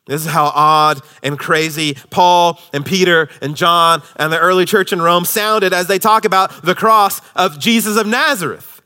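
A male pastor preaching a sermon, swinging from loud, emphatic lines to hushed, near-whispered ones. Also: sits high, moderate pace, hardly any pauses, smooth.

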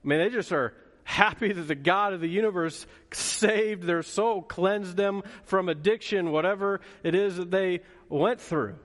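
A man preaching an energetic, conversational sermon with touches of humor, as pastor of his church. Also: high voice, measured pace. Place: church auditorium. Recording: long reverb of a church hall.

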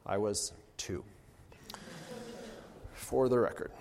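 A man in his thirties preaching a sermon and reading scripture aloud dramatically, rising to loud exclamations. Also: fairly low pitch, slow, gravelly, a little hiss or hum. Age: 30s.

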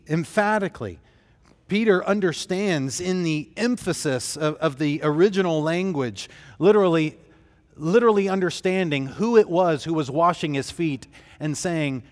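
A man's voice: fairly high pitch, normal speed, long reverb tail. A man preaching a sermon as pastor, telling the story in an earnest, emphatic way.

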